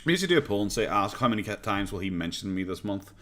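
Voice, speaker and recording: A man's voice: on the low side, big pitch swings, quick pace, fairly bright tone. A man with an Irish accent streaming casual commentary, sarcastic and swearing freely. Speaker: streamer reacting to videos.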